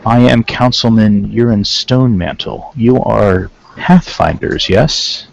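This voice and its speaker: A man voicing an older Oread councilman with cracked, stony skin who speaks formally and haltingly. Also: on the low side, creaky, dull audio, a little hiss or hum.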